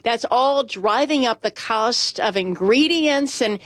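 A woman's voice: on the high side, animated, takes it slowly, dry recording. A woman anchoring a radio business news show, reading stories with chatty asides to her co-host. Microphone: dry studio mic.

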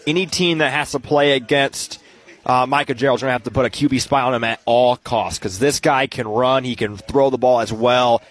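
A man giving casual post-game sports analysis, agreeable and prone to halting restarts. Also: mid-range voice, fairly even intonation, fairly bright tone. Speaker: color commentator.

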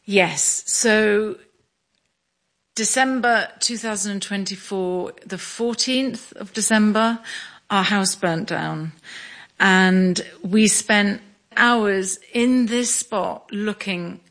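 A middle-aged woman from Scotland telling her story in an interview, measured, with small restarts. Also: medium pitch, fairly bright tone. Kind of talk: reflective interview.

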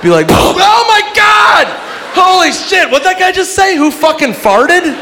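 A stand-up comedian voicing a panicked male bystander who shouts and swears. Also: extremely high pitch, sing-song, racing, vocal fry, pitched above the performer's own voice, exaggerated voice. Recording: comedy club with noisy crowd.

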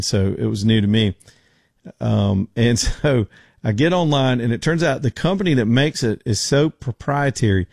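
A man with a drawl rambles through folksy stories as a radio host. His voice is mid-pitched and sits close and dry in a studio with no room sound. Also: vocal fry, darkish tone, dry recording. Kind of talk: casual talk radio.

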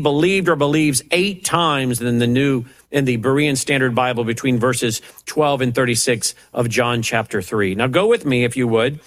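A man's voice: medium pitch, dry recording. A man teaching the Bible verse by verse, preaching with passion and firing off rhetorical questions and mocking asides. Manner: impassioned, rising to emphatic preaching on scripture. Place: at a computer, typing up passages.

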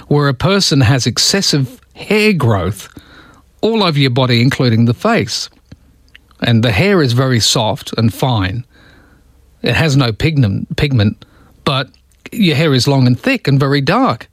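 A man's voice: mid-range voice, no room sound. Chatty male radio host, dry sound. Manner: chatty, amused, full of rhetorical questions. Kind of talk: casual radio chat.

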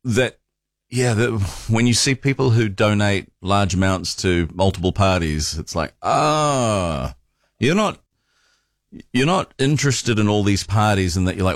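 Male talk radio host, low voice, dry close mic, chatty with frequent restarts. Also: animated, unhurried, dry recording. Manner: chatty, stumbles and repeats words. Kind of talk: casual talk radio chat.

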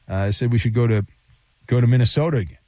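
A man's voice: mid-range voice, fast talker, dark tone, no room sound. A man hosting a sports talk radio show, teasing callers with showman delivery. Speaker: radio host.

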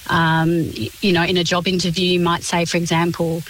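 A woman, a communications specialist answering on a radio interview in a clear, explanatory, measured way. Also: fairly low pitch, little pitch movement, a little hiss or hum, poor audio.

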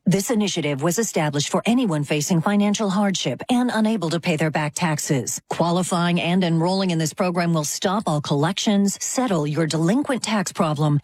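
A woman's voice: fairly low pitch, a little mellow, slightly rough, no room sound. A woman reading a scripted radio advertisement in an urgent, formal way. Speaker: ad announcer. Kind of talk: scripted ad read.

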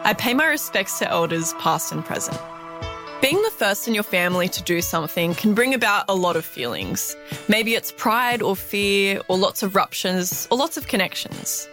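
A woman radio presenter, reading a scripted introduction in an earnest, measured way. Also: medium pitch, animated, a bit bright, soft background music. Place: radio studio.

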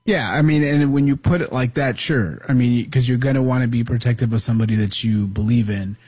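A man's voice: mid-range voice, a little fast, a little mellow, slightly rough. A man co-hosting a talk radio show, hesitant and stammering as he weighs his words. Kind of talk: casual talk radio chat.

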